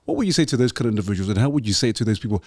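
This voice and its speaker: Snelle, struikelende cohost, lage stem. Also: male voice, fairly low pitch, expressive, a little mellow, slightly rough, no room sound, studio quality. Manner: rapid and stumbling, full of restarts. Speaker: podcast co-host. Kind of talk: casual interview chat.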